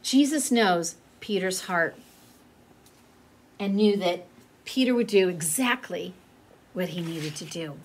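A woman's voice: fairly low pitch, animated, slow pace, pauses often, a little hiss or hum. A middle-aged woman teaching a Bible lesson to children and praying in an earnest, tender way. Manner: tender, earnest, turns to soft whispered prayer.

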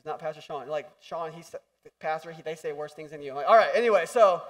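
Animated high-voiced male pastor. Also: fast, far from the mic. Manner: animated, jokey, acts out voices and shouts for emphasis. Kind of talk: sermon. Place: church hall.

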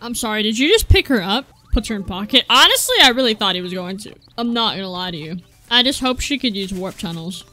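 A woman gaming on a channel, her voice bright and sharp, swinging widely up and down as she grumbles and swears at the characters on screen. Faint music plays underneath. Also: mid-range voice, very animated, fast talker. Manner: exasperated, profane, talks back at game characters. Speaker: let's play gamer. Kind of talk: gameplay commentary.

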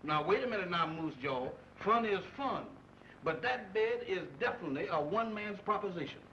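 A jumpy young roommate in a 1940s comedy, his high voice leaping up and down and turning shrill when frightened. The sound is a dull, hissy old film soundtrack. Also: expressive, fairly quick, pushed and bright, heavily acted. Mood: bickering. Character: excitable young male roommate, easily scared. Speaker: comic film character.

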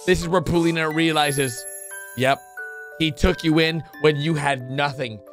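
A man hosting a reaction video, commenting excitedly with sudden high yelps and constant exclamations. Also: unhurried, soft background music.

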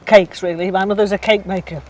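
A woman chatting outdoors while on a walk, telling homely stories in a relaxed way. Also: mid-range voice, brisk, rough recording. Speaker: co-host of a walking podcast. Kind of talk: casual chat. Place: outdoors among palm trees.

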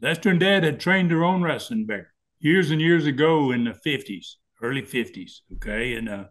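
A man spins long tales in a relaxed chat, often breaking into laughter. He throws himself into the voices of the people in his stories. His voice sits a little high for a man. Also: moderate pace. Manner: laughing animated storyteller, acts out voices. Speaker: guest wrestling storyteller. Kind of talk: casual storytelling chat.

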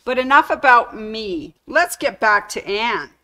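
A woman's voice: on the high side, a little slow, sharp tone. A middle-aged woman, a store employee, telling the story of how she got her job during a livestreamed anniversary tribute. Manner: storytelling, acts out quoted dialogue. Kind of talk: emotional anniversary speech. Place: sewing store media room.

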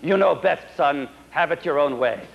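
A man's voice: on the high side, lively intonation, moderate pace, vocal fry, background noise. A man voicing a plain-spoken old farmer father, on a dull old recording. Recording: dull lo-fi 1980s stage recording.

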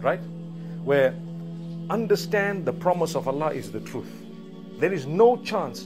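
A man's voice: high-pitched, a little mellow. A man giving a Friday sermon, preaching emphatically with rhetorical questions and recited Arabic verses.

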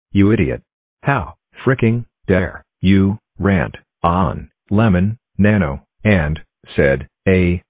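A male text-to-speech voice playing a stern cartoon parent who scolds and hands out punishment in a flat, monotone, synthetic delivery. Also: deep voice, dry recording. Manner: monotone scolding, drawn-out repetitions. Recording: dull lo-fi computer voice.

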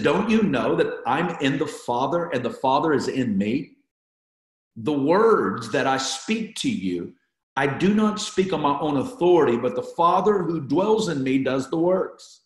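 A man's voice: fairly high pitch, reverberant. A man leading an online Bible study, teaching with fervor and repeating key phrases for emphasis as he talks to viewers.

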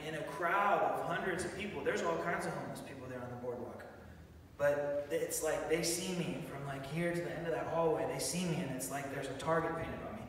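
Guy giving his church testimony, voice kinda high, big echoey room, mic far off, gets excited telling it. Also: a little hiss or hum. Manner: excited, animated storyteller with restarts. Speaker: testimony speaker.

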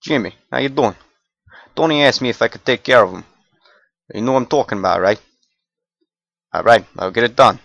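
A man doing a gruff phone mobster. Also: mid-range voice, brisk, pauses often, a bit bright, no echo. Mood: menacing.

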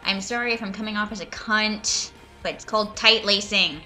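A woman's voice: mid-range voice, normal speed, pushed and bright, faint music behind. A woman reading a fanfiction aloud and breaking off into sarcastic, profane commentary. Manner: sarcastic, profane, exasperated asides. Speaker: reader and commentator.

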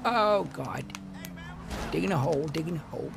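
A man puts on a whining hacker friend, his voice pushed up high and stretched into slow, drawn-out moans. The pitch jumps around a lot. Game sounds clutter the background. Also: expressive, creaky, noisy background. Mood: whiny. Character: whiny groaning male hacker friend.

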